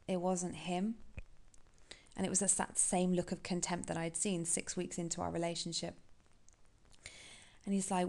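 A woman hosting a podcast, telling a painful personal story in a candid, halting, emotional way. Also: lowish voice, creaky, a little mellow. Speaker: podcast host.

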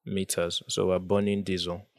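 Man telling a lively story. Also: deep voice, normal speed, dry recording, studio quality. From Nigeria. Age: young adult. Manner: animated storytelling, acting out shouting people. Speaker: podcast host. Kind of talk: casual chat.

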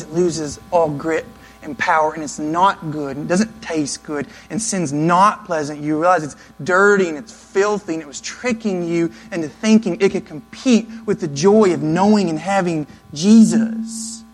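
A man preaching a sermon in an earnest, conversational way, now and then acting out quick asides. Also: fairly high pitch, faint music behind, low-quality recording. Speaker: pastor.

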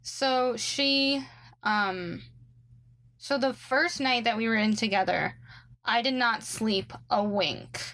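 Speaking at a slow pace, this young woman has a slightly high, somewhat bright voice. She tells a chatty story about her roommate, peppered with "like" and "um" and sarcastic asides.

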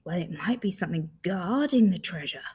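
A woman voicing Rabbit, a keen toy rabbit who speaks in an eager, often breathy hush, in a storybook reading. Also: on the low side, expressive, a little fast.

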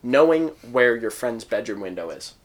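A man's voice: medium pitch, very animated, normal speed. Playful man joking on a podcast. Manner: joking, playful, loud outbursts. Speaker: podcast co-host. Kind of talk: casual comedic chat.

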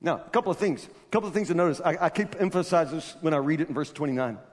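A preacher with a slightly raised pitch gives a sermon in a casual, joking way. He stammers and restarts, then rises into loud, emphatic stretches. His voice rings out in a hall with a long reverb. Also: rapid-fire. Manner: conversational, laughing asides, stammering restarts, swings to loud shouting emphasis. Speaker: pastor.

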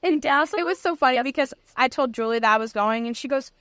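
A young woman co-hosting a podcast, telling a story in an excited, rambling way in casual chat. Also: high voice, fast, no room sound, clean studio sound. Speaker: podcast co-host.

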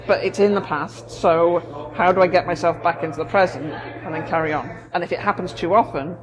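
A woman's voice: on the low side, steady tone, brisk, poor audio. A woman talks through ideas in an easy, conversational way, full of everyday examples. She is recorded in a busy coffee shop, with lots of chatter from the crowd behind her. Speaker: therapist. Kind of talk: casual explanatory chat. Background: café crowd chatter.

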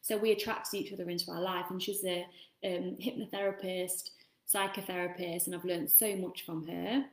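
A woman's voice: lowish voice, little pitch movement, moderate pace. A woman, a self-love coach, giving a rambling, casual motivational talk and swearing freely. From England. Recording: echoey room.

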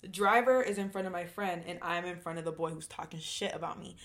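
Bright-voiced young woman telling stories. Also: fairly low pitch, fast. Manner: animated, swearing, dramatic storyteller. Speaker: podcast co-host. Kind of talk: casual storytelling chat.

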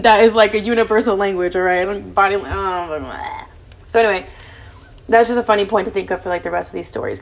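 Young female podcast host; rapid, lively, profane storytelling voice. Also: medium pitch. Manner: fast, animated, profanity-laden chatter. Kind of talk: casual storytelling.

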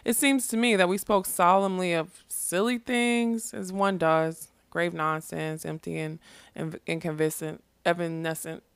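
A rueful, kindly male magician who mocks himself, read by a woman. The voice stays low and slightly gravelly, recorded close and dry. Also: flat delivery, no room sound. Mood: wry, gentle. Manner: halting, apologetic and wry. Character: remorseful male magician, wry and gentle.

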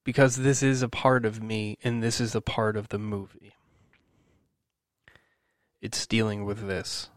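A man's voice: lowish voice, level tone, a little slow, long pauses, no room sound, studio quality. Swearing man venting to his listeners. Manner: swearing, rambling, self-encouraging. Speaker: podcast host. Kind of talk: personal venting monologue.

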